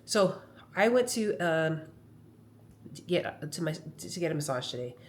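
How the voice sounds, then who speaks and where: Talking to her phone camera at home, a woman comedian spins stories in a chatty, wandering, animated vlog. Her voice sits low and she takes her time.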